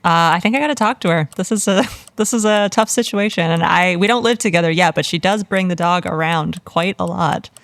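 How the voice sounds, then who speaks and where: A woman's voice: lowish voice, a little fast, hardly any pauses, no room sound. A woman playing a character in a tabletop role-play podcast. She speaks casually and hesitantly and laughs often. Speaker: player.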